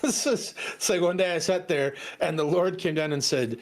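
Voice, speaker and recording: Chatting casually as a stream co-host, a young man rambles through stories, restarting often and breaking into laughter. His fairly high voice moves at a moderate pace against a noisy background.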